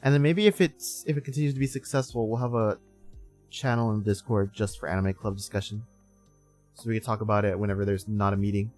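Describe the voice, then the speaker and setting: Young man, sleepy streamer, rambling casual chat, lowish voice, faint music behind. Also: fairly even intonation, fast talker, a little mellow. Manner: sleepy, rambling, laughs often. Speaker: streamer host.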